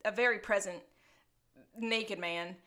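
Bright, giggly woman co-hosting a podcast. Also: mid-range voice, fairly even intonation, a little slow. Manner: chatty, giggly, acts out quoted lines. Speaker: podcast co-host. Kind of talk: casual podcast chat.

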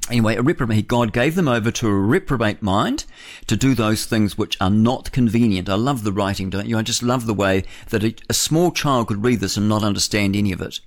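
A male breakfast-radio host talks on at length in a fairly low voice, rambling from point to point. He often laughs at his own remarks. He sounds close to a studio microphone. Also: fairly quick, few pauses. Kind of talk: opinionated talk radio monologue.

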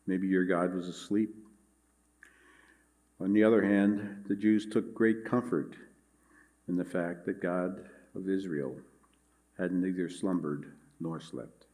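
Low-voiced man preaching a sermon. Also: dark tone. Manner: measured, earnest preaching with scripture reading. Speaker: pastor.

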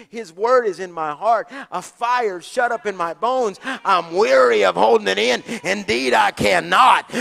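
A man preaching a sermon, moving from hushed asides to shouted, passionate lines. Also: high-pitched, vocal fry. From Texas. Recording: long hall reverb.

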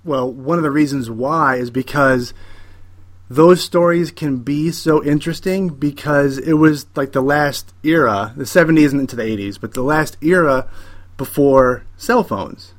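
A man co-hosting a casual chat about a TV show, animated and opinionated, repeating words as he builds his point. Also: fairly high pitch, unhurried. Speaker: podcast co-host.

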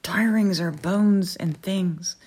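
A woman's voice: lowish voice, slow pace, darkish tone, slightly rough. A woman voicing a friendly male merlin hawk captain, polite and explanatory.

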